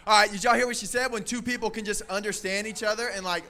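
A man leading a lively youth sermon on a handheld microphone, playful and energetic, often calling out loudly to the crowd. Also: sits high, fast talker. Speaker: youth pastor.

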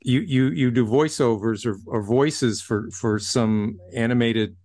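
Dry-sounding male host, halting questions. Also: medium pitch, darkish tone, dry recording. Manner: halting, restarts questions often. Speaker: podcast host. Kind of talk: casual interview chat.

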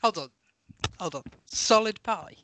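A man's voice: sits high, expressive, unhurried, heavy background noise. A man hosting a podcast in casual chat, playful and teasing, often rambling. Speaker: podcast host.

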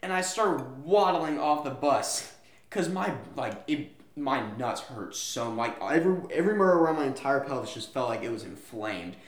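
A young man co-hosting a podcast, telling a story in casual chat and acting out quotes with sudden loud yelps. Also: medium pitch, expressive, normal speed. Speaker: podcast co-host. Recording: echoey room.

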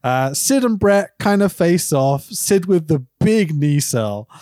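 A man co-hosting a podcast in casual chat, animated and quick to laugh. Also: clear, resonant tone, no room sound, studio quality. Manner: animated, breaks into high laughs and shouted impressions. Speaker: podcast co-host.

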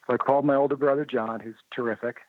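A man recounting stories as an interview guest, voicing the people he quotes with lively shifts. His voice sits at an ordinary middle pitch. The sound is thin and narrow like a phone call, with no room echo at all. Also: quick pace. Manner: lively storyteller who acts out quoted dialogue. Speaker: interview guest, motorcycle writer. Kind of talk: anecdotal storytelling in an interview. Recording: narrow phone-like line, dry.

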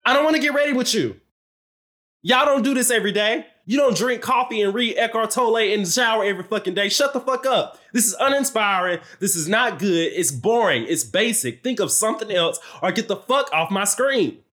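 A man's voice: high voice, expressive, a little fast, few pauses, a bit bright. A man co-hosting a reality TV recap podcast, ranting heatedly with lots of swearing and blunt repetition. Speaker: podcast co-host.

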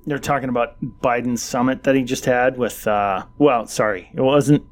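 A man's voice: medium pitch, fairly even intonation, normal speed. A man co-hosting a casual political chat, blunt, mocking and profane.

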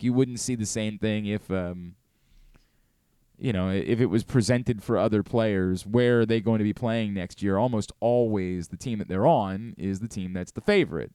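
Male sports radio host, lively swinging delivery, dry close studio mic. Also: medium pitch, clear, resonant tone, no room sound. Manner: rambling, self-deprecating, animated. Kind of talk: casual sports talk. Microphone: studio microphone.

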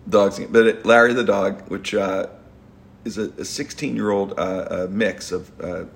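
Gravelly middle-aged man rambling. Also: fairly low pitch, a little slow, slight background noise. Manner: rambling, stumbling restarts, animated laughing storyteller. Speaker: podcast host. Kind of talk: casual storytelling chat.

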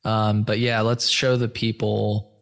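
Gravelly, stoned man rambling casually. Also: on the low side, little pitch movement, measured pace, a bit bright. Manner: loose, rambling, profane. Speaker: host. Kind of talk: casual screen-share chat.

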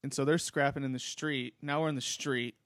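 A man's voice: mid-range voice, steady tone, brisk, fairly bright tone, dry recording, studio quality. A young man casually telling a long story, laid-back and rambling, with frequent swearing. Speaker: podcast host.

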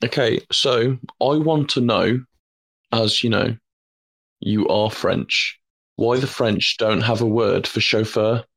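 A man with a West Midlands accent co-hosting a podcast, teasing in a joking deadpan way. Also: fairly low pitch, takes it slowly. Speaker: podcast co-host. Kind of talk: casual podcast chat.

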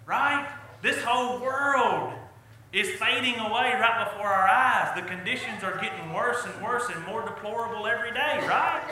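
Middle-aged pastor, earnest and folksy, very bright ringing tone, heavy hall echo. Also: male voice, sits high, moderate pace, a little hiss or hum. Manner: folksy, earnest preaching with rising emphasis. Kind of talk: sermon. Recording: echoey church hall.

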